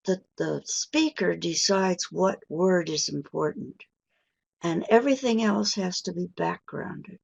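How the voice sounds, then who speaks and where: An older woman teaching pronunciation in a webinar lecture, speaking deliberately and stretching key words for emphasis. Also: fairly low pitch, vocal fry, husky. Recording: dull lo-fi webinar audio.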